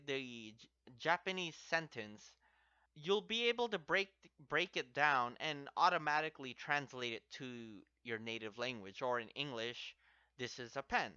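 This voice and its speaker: A man gives a language lesson at an unhurried, deliberate pace. He explains step by step and repeats each example word twice. His voice is bright and crisply clear, caught dry on a slightly muffled, lo-fi recording. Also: fairly high pitch, animated, no echo. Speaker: language teacher.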